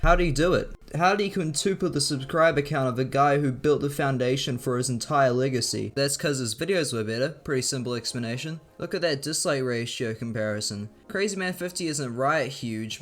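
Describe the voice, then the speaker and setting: A man's voice: mid-range voice, fairly bright tone. A young man narrating scripted commentary in a sarcastic, profane way. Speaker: video commentator.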